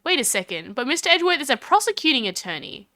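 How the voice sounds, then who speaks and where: A woman's voice: high voice, sing-song, quick pace, bright, forceful tone, no echo, clean studio sound, exaggerated voice. A woman with an Australian accent reading the lines of a puzzled, earnest young male lawyer with questioning delivery.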